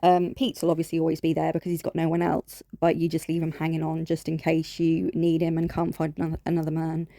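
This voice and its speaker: A woman's voice: deep voice, completely flat delivery, quick pace, few pauses, dark tone, no echo. A woman giving angry reaction commentary, blunt, scolding and full of swearing.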